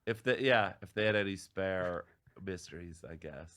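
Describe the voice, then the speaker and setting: An Irish man with a very low voice chats on a podcast. He tells stories with animated bursts of energy. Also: normal speed, clean tone. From Ireland. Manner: animated storytelling with laughs. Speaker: comedian guest. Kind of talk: casual podcast chat.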